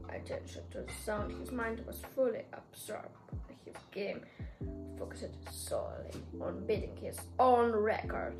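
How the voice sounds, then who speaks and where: A young woman vlogger reading an AI chatbot role-play aloud, breaking into dramatic squealing outbursts between flat stretches. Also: mid-range voice, low-quality recording. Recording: loud background music.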